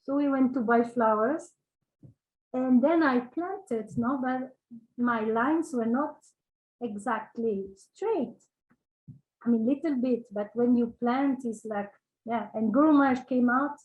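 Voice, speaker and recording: A woman sharing personal memories in casual, halting speech, searching for words with many fillers and little laughs. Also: on the high side, phone-quality sound. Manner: laughs between phrases. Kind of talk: casual spoken reminiscence.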